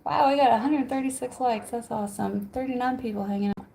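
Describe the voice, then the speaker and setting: A woman's voice: a little high, fast talker, gravelly, mellow. A woman hosting a livestream from home, chatting casually, reading viewer comments aloud and laughing often. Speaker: livestream host.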